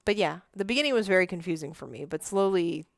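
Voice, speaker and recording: A woman's voice: on the low side, expressive, quick pace, vocal fry, dry recording. Dry, close streamer woman chatting. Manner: rambling, filler-heavy. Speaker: streamer host. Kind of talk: casual chat.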